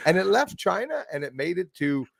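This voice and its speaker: A man hosting a casual chat, telling stories in an excitable, animated way. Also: sits high, a little fast, gravelly, husky, no echo, studio quality. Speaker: podcast host.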